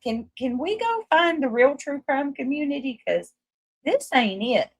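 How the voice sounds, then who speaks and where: A Southern-accented woman hosts a live stream, reading viewer comments and chatting casually while swearing freely. Her voice sits high and sounds animated yet unhurried, captured in a dry recording.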